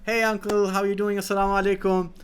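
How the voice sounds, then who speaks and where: A man's voice: sits high, flat delivery, quick pace, slight background noise, voice pushed up, natural voice. A man voicing a sly young male village hoodlum who teases with false friendliness. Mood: teasing.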